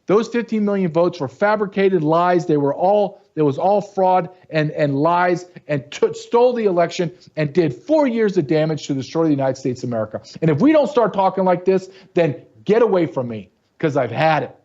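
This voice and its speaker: A man hosting his own show, delivering a blunt, angry commentary monologue that keeps rising into sharp outbursts. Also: sits high, lively intonation, moderate pace, few pauses, dull audio. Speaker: show host.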